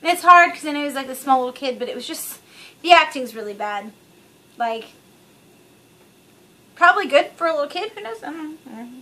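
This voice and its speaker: A woman's voice: sits high, expressive, brisk, long pauses, pushed and bright. A woman vlogging to camera, chatty, rambling and frankly profane. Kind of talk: casual chat to camera.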